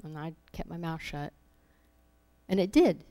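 A woman's voice: sits low, measured pace, mellow. A woman giving an informal sermon, telling personal stories in a conversational way with laughs, acting out her own thoughts. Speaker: preacher.

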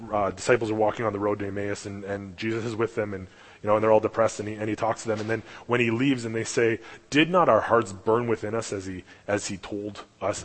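A man preaching a casual sermon, rambling through stories with restarts and fillers and acting out the dialogue. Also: lowish voice. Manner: acts out quoted dialogue in his stories. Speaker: lay preacher. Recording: echoey hall, long reverb.

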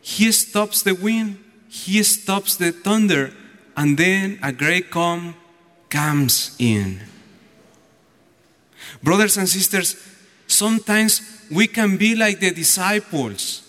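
A man's voice: sits high, animated, takes it slowly, fairly bright tone. A man preaching a homily as a deacon, telling the story animatedly and acting out the voices. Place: church. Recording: echoey church hall.

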